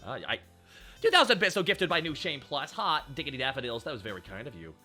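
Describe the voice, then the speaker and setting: A man hosting a live stream in casual chat, excitable and rambling as he thanks donors aloud. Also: on the high side, fast talker. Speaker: streamer host. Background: faint background music.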